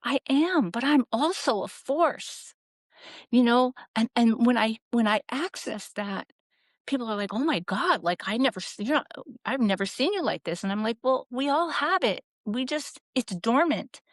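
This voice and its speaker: A woman's voice: on the high side, animated, moderate pace, no room sound. A middle-aged woman shares her life story as a podcast guest, earnest and reflective. She acts out the voices of people she quotes. The recording is dry and close, with almost no room sound. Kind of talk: candid personal storytelling.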